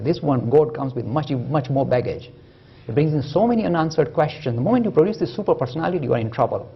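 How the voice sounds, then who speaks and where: A male lecturer talks in an animated, joking way, with a lilting, lively pitch and a husky, gravelly edge to his voice. He tells stories to make his points. The recording sounds dull and lo-fi. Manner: animated, joking, acts out quotes. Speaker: lecturer on religion and science. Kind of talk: public lecture with storytelling. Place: lecture hall at a university.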